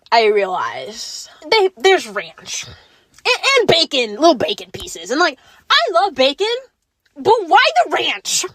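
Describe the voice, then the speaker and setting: Lively high-voiced young woman. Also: no echo. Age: young adult. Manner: animated storytelling with playful voices for quoted people. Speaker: podcast host. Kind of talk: casual solo chat.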